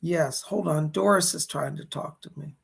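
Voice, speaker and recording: A hoarse man giving live psychic readings, passing on spirit messages in quick "he said, she said" bursts. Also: on the high side. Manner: relays spirit messages in rapid "he said" quotes. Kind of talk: livestream readings, casual and excitable.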